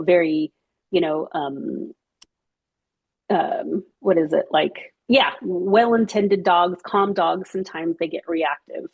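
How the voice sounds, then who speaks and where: A woman telling a casual anecdote to her study group, animated and chatty, laughing often and acting out what people said. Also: on the low side, no room sound, highs cut off. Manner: animated, chatty storytelling with frequent laughs and acted-out quotes.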